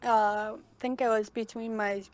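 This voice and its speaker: A young woman from the United States, chatting casually on a podcast in a relaxed way, full of "like" fillers. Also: fairly high pitch, moderate pace, no echo.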